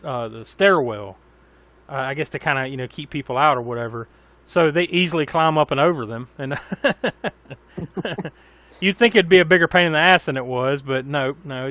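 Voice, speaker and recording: A man's voice: medium pitch, a bit bright, dry recording. A man with an American accent co-hosting a podcast, casually recapping a film, swearing freely and laughing often. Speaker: podcast co-host. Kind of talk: casual film review chat.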